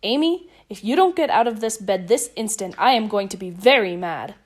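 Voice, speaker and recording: A woman's voice: medium pitch, lively intonation, normal speed, lightly acted. A woman voicing a stern father who scolds in his strictest voice in a read-aloud story. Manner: firm, scolding.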